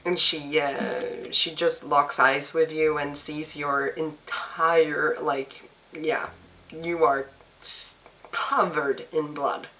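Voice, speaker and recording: A woman game master narrating a tabletop scene in a low, unhurried voice. She pauses and restarts often as she searches for words. Her tone stays bright and forward. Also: little pitch movement, recorded from a distance, slight background noise, poor audio. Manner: halting, with many fillers and restarts.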